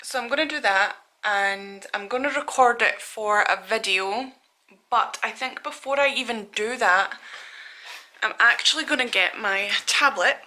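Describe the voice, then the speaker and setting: A woman's voice: on the high side, measured pace, bright, forceful tone. A woman in her thirties from Scotland, chatting casually and rambling in a studio vlog, laughing at herself. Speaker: artist vlogger.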